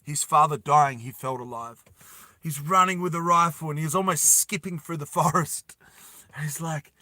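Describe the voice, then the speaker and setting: A man narrating a story dramatically, repeating lines and dropping soft for emotional moments. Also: fairly high pitch, normal speed, no room sound.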